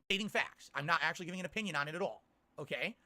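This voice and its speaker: A man's voice: a little high, lively intonation, rapid-fire, sharp tone. A man ranting on a stream, complaining insistently and asking "okay?" again and again.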